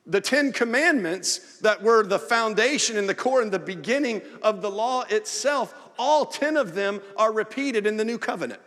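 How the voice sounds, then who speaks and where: Man, pastor, sermon, very high voice, echoing church sanctuary. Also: lively intonation, normal speed, few pauses, a bit bright. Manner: earnest preaching with acted-out asides. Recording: long church hall reverb.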